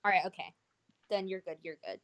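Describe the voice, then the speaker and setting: A woman's voice: lowish voice, expressive, fairly quick, a bit bright. A woman running a tabletop role-playing game, hesitating often as she describes the scene and calls for rolls. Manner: hesitant, many fillers. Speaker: game master.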